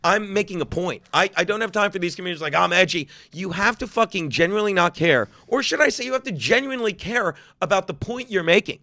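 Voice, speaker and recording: A man in his fifties, a comedian guest on a podcast, talking loudly and emphatically with heavy swearing. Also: sits high, lively intonation, fast talker, few pauses, dry recording. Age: 50s. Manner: loud, profane, emphatic ranting. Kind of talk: podcast conversation.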